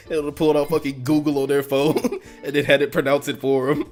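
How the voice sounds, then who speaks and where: A man's voice: medium pitch, steady tone, a little fast, few pauses, a little mellow, faint music behind. Young male co-host, casual and profane, laughs constantly. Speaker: podcast co-host. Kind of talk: casual crude banter.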